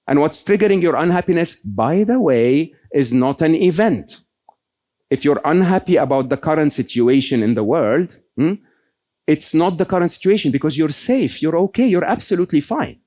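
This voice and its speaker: A man giving a motivational stage talk to a live audience, animated and often checking in with "okay?" and "right?". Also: a little high, normal speed. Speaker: guest speaker.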